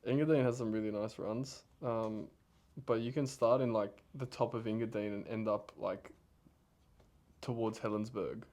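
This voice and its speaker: A man's voice: fairly low pitch, fairly even intonation, moderate pace, a little mellow. Rambling young man. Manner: rambling, filler-heavy talk. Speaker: podcast co-host. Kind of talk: casual chat.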